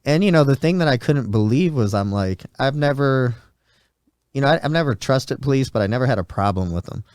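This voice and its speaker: A man's voice: mid-range voice, expressive, a little fast, darkish tone, dry recording, studio quality. A podcast host in his forties telling a story in a rambling, casual way and acting out the voices of people he quotes. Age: 40s. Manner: rambling, acts out quoted dialogue.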